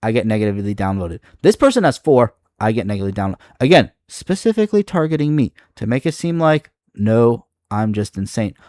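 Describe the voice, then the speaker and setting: A man's voice: on the low side, big pitch swings, a little fast, few pauses, darkish tone, dry recording, clean studio sound. A man reacting to online comments in his video, exasperated and profane, rambling with frequent restarts. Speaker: video creator.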